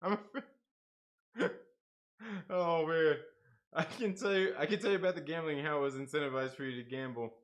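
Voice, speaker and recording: A young man hosting a casual livestream, reading chat and laughing often as he swings between loud outbursts and low asides. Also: moderate pace, long pauses.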